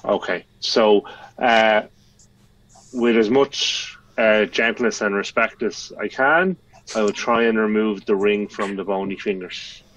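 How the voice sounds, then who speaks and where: A man playing in a tabletop game, speaking hesitantly and politely with pauses. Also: fairly low pitch, fairly bright tone, poor audio. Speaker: player. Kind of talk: casual tabletop play.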